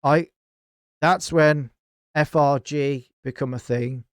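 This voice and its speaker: A man spins a heated tale as a podcast guest, swearing constantly and slipping into other people's voices. His voice sits a bit high and comes across smooth and crisp, recorded close and dry. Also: takes it slowly, dry recording. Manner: animated, heavy swearing, acts out others' lines. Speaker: podcast guest, gaming clan founder. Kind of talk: casual podcast storytelling.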